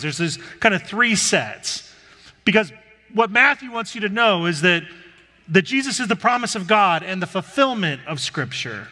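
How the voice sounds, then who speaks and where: A man preaching a sermon as pastor, telling stories in a relaxed, conversational way. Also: sits high, in a large hall. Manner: conversational storytelling.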